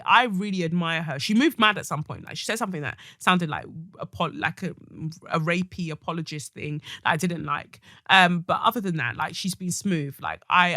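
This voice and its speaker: A woman's voice: on the low side, bright, forceful tone, dry recording, studio quality. A woman hosting a solo podcast, reading a listener's letter and talking bluntly and passionately, with comic rants. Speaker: podcast host.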